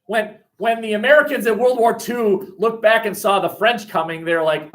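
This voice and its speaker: A man teaching a history class, animated and joking, asking the room rhetorical questions, recorded on a classroom webcam. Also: sits high, normal speed, few pauses. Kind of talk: classroom lecture.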